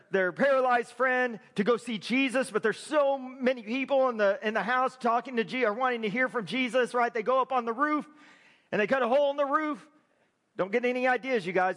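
A man preaching a sermon as a pastor, conversational with quick asides to the congregation. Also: extremely high pitch, a bit bright, big-room sound.

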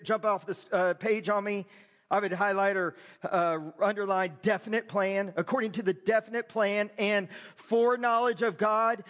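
A man preaching a sermon as a pastor, conversational with quick asides to the congregation. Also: high-pitched, fairly bright tone, big-room sound.

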